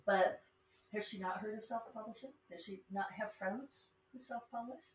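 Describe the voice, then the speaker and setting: Here a medium-pitched middle-aged woman with a Rocky Mountain accent hosts her podcast at normal speed, chatting casually and digressing with wry asides. She is also a self-published author. The recording sounds roomy and far off, with faint ambience and a little background noise.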